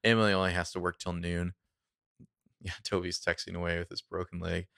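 Deep, gravelly man in a casual recap chat. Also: little pitch movement, brisk, bright, forceful tone, dry recording, studio quality. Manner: laid-back, chatty, with frequent laughs. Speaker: podcast co-host recapping a TV episode.

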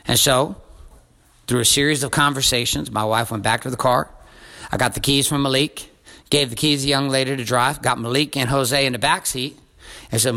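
A man hosting a podcast, telling a story in a lively, profane monologue. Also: mid-range voice, normal speed, vocal fry. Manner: profane, animated retelling with acted quotes. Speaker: podcast host.

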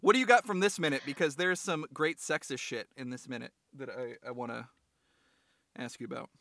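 A man's voice: mid-range voice, a little fast, gravelly, a bit bright, dry recording. A young man co-hosting a podcast in casual comedic chat, rambling and acting out quotes in silly voices. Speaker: podcast co-host.

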